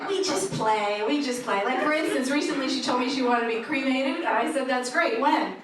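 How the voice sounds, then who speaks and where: A woman comedian with a high voice tells dark jokes in a dry, deadpan way. The club sound is very echoey and distant, with audience noise behind her. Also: fairly quick. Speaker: stand-up comedian. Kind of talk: stand-up comedy set.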